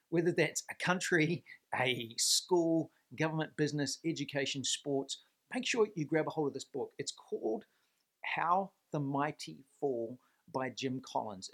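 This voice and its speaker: A man's voice: fairly high pitch, fairly bright tone. A man giving a faith-based leadership talk to camera, earnest and emphatic, stressing points by repeating words and posing rhetorical questions. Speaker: Christian leadership speaker.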